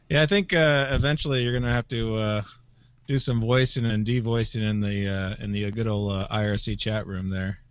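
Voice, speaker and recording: A man's voice: lowish voice, fairly even intonation, moderate pace, clean tone, no echo, lo-fi sound. Guy who laughs a lot, says uh a bunch, dry close mic. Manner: laughs easily, hesitant with uhs. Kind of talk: casual chat.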